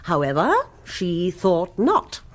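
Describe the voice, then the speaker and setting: A woman's voice: lowish voice, very animated, takes it slowly. A snobbish village social queen, lofty and precise, with a voice that swoops widely in radio drama. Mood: affronted.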